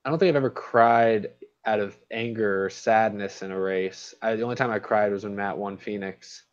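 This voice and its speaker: A young man with a low, very flat voice co-hosts a casual podcast, reading out chat questions. His mic sounds dull and lo-fi. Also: moderate pace.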